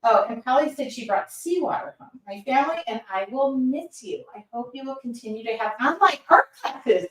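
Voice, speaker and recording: A woman's voice: sits high, animated, moderate pace, hardly any pauses, fairly bright tone, distant mic. Chatty woman teaching art live. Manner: chatty, reads viewer comments aloud, laughs at herself. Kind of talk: casual live-stream art demo. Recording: roomy sound, voice somewhat off-mic.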